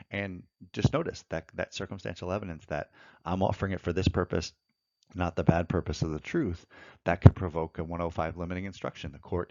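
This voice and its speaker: A man's voice: low voice, no room sound, lo-fi sound. A man teaching evidence law in a methodical lecture, walking through courtroom examples step by step. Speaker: law instructor.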